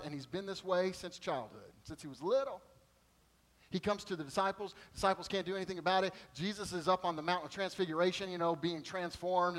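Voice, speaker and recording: A middle-aged man preaching a sermon, telling stories in an animated way and acting out quoted voices. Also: sits high, poor audio. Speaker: pastor.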